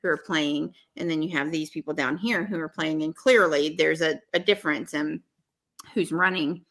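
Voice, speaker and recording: Chatty, bright-voiced woman podcast host. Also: sits low, normal speed. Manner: rambling, filler-heavy, gossipy. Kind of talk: casual podcast chat.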